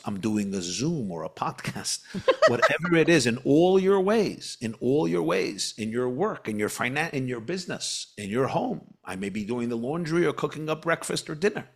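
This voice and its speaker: A gravelly man's voice explains spiritual ideas in an animated conversational way. He leans on repetition for emphasis and keeps a mid-range pitch. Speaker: spiritual teacher guest. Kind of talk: podcast conversation.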